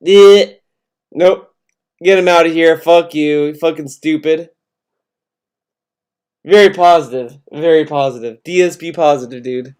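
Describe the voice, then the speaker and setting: Sarcastic high-pitched man rambling. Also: a little slow, long pauses, darkish tone, smooth. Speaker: co-host commenting. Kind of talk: casual live-stream chat.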